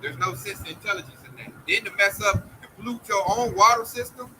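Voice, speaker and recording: A man's voice: high-pitched, fairly even intonation, a little fast, pushed and bright, slight background noise, low-quality recording. A man preaching an informal street-style sermon in a blunt, slangy, mocking way, often acting out other people's voices.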